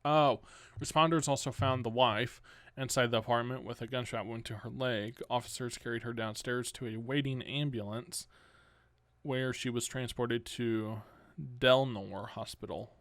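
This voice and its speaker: A man hosting a solo news commentary podcast, reading news items aloud and cutting in with sarcastic, exasperated remarks that jump up in pitch. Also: fairly even intonation, moderate pace, fairly bright tone, dry recording. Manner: reads news items, then rants sarcastically; exasperated outbursts with rising pitch. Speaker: podcast host.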